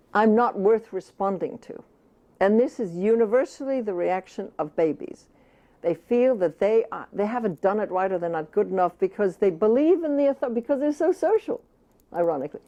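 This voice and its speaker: A woman with a mellow, warm voice gives an earnest interview as an author. She leans hard on key words and repeats phrases for stress, at times slipping into a baby's first-person view. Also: mid-range voice, lo-fi sound.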